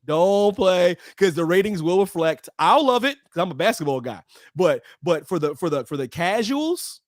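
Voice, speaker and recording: A man hosting a casual wrestling podcast, animated, swinging between loud and quiet. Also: sits high, moderate pace, no room sound, clean studio sound. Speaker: podcast host.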